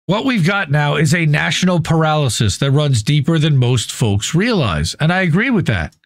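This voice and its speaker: Blunt, higher-voiced male podcast host. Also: big pitch swings, moderate pace, no echo. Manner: blunt, opinionated, swears casually. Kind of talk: reading an article aloud with running commentary.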